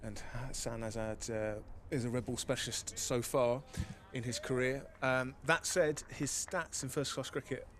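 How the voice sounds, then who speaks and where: A man giving expert analysis as co-commentator on a live cricket broadcast, measured and thoughtful. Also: medium pitch, steady tone, fairly bright tone, slight background noise.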